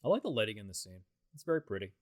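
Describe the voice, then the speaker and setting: A man's voice: on the low side, sing-song, racing, no echo, studio quality. A man giving a casual, rambling commentary track on a film, talking in a loose, conversational way. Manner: rambling, conversational, with many fillers and restarts.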